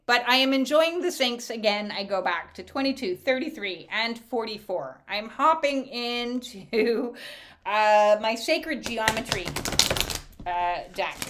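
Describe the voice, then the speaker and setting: Bright-voiced woman giving a card reading. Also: medium pitch, a little hiss or hum. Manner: animated, laughs often, many filler "uh"s. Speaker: oracle card reader. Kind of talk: casual spiritual card reading.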